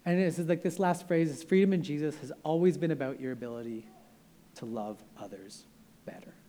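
A young male preacher gives a sermon in a slightly higher-than-usual voice. He talks in an earnest, conversational way, circling back and restarting his sentences as he goes. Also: a little fast, warm tone, slight background noise.

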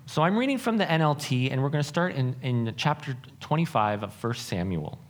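A man's voice: medium pitch, expressive, brisk. A man preaching a sermon, earnest and self-deprecating, often restarting his sentences as he builds his points. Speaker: pastor.

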